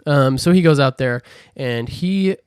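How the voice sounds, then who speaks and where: A man casually recapping a movie plot, animated and slipping into quick character voices. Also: mid-range voice, clean tone, dry recording, studio quality. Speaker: podcast co-host.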